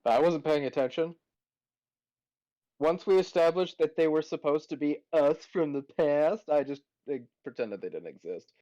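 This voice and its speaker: A man in a tabletop game chat, explaining things in a deadpan, rambling way. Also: a little high, moderate pace, no echo. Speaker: player. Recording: dull lo-fi dry sound.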